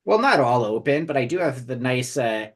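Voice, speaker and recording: A husky man on a video call whose pitch rises and falls a lot. He tells his story in a wry, mock-solemn way, as casual podcast chat. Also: animated, normal speed. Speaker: podcast co-host.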